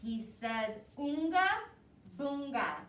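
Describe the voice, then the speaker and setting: A woman teacher reads a picture book to small children in a high, lively, sing-song voice, taking her time and stopping to ask questions. She sounds some way from the mic in an echoey room with faint noise behind her. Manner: slow, expressive, asks the children questions. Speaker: preschool teacher. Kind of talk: interactive picture-book read-aloud for young children. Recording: roomy echo, voice from a distance, faint noise.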